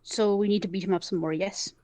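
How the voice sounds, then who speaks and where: A woman's voice: mid-range voice, fairly even intonation, fast talker, dark tone, no echo. Woman thinking aloud on a dry mic. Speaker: player. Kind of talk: casual tabletop game play.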